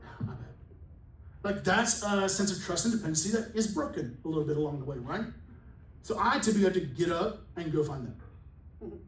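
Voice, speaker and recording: This male pastor's high voice is expressive and brisk as he preaches casually and with humor, performing the quotes he cites. Heard from far off in an echoing church hall, faint room noise sits underneath.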